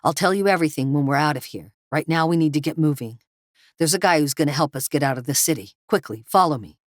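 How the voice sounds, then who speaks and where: A woman voicing a frantic young father in a storybook reading, hoarse and commanding, later soft with his wife. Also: sits low, moderate pace, no echo, clean studio sound. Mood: urgent. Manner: roaring, then stammering and gentle.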